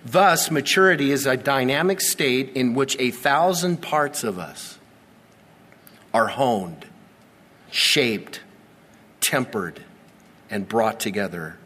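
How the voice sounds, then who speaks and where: In a church sanctuary, a pastor delivers a sermon with a mid-range, expressive, slightly bright male voice. His preaching is earnest, built on dramatic slow pauses and repetition. The long reverb of a large church hall surrounds every word.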